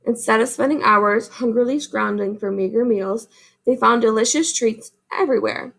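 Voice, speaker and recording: A woman teacher reading a picture book aloud to her class, then gently explaining its lesson. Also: a little high, moderate pace, vocal fry, rough recording. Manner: gentle, explaining, asks "right?".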